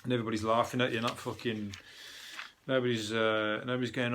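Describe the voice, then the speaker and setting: A man's voice: medium pitch, little pitch movement, fairly quick, a bit bright, slight background noise. A man from Birmingham with a Birmingham accent, a comedian hosting a casual comic news review in a rambling, sweary, scornful way. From Birmingham, England. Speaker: comedian host.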